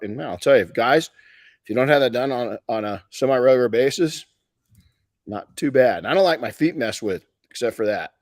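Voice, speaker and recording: A man's voice: mid-range voice, no echo, clean studio sound. A middle-aged man hosting a live podcast, telling stories in a rambling, folksy way with many restarts. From Southern California. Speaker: podcast host and detailing educator.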